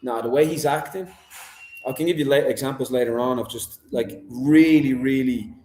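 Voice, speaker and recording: This young guest on a video-call livestream speaks at a normal speed in a warm, mid-range voice. He chats casually, rambling and poking fun at himself, from an indoor room that echoes over the call.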